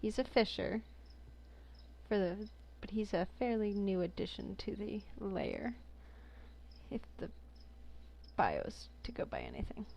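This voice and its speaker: A woman casually comments with amusement while browsing a game collection, reading entries aloud in between. Her medium-pitched voice is sing-song, creaky, and a little mellow, and she speaks at a measured pace, pausing often.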